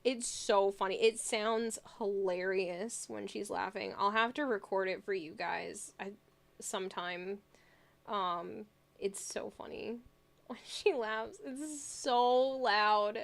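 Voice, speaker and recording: A woman's voice: mid-range voice, fairly even intonation, takes it slowly, creaky. A woman streamer chatting casually with viewers, telling funny family stories with frequent laughter and reading comments aloud. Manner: giggly storytelling, reading chat aloud.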